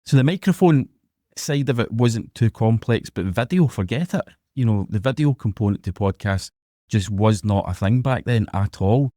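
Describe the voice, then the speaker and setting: A Glaswegian man with a lowish, mellow voice, talking in a relaxed, conversational way as a podcast guest. He recalls things in a loose storytelling manner. The recording is close and dry. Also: normal speed, no echo. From Scotland. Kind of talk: podcast interview.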